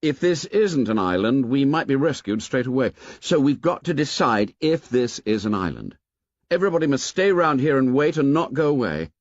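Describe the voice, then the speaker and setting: A man reading an audiobook and voicing an earnest, eager boy leader who talks quickly. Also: mid-range voice, big pitch swings, no room sound, muffled recording, voice pushed up, natural voice.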